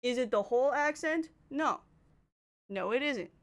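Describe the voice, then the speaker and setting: Chatty Canadian woman streaming, slightly high. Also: animated, unhurried. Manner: chatty, reads and answers chat. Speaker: livestreamer. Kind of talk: casual stream chat while doing makeup.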